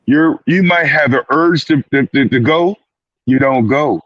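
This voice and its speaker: On a panel discussion, a male clinician guest speaks emphatically and insistently, repeating words and acting out little quoted asides. His mid-range voice is fairly bright and a little slow, captured in a dry, dull recording with no echo or room sound.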